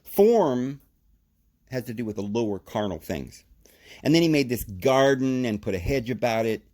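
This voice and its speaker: A man giving podcast Bible teaching, explaining in an animated, emphatic way in short spoken phrases with sudden jumps in pitch. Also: moderate pace.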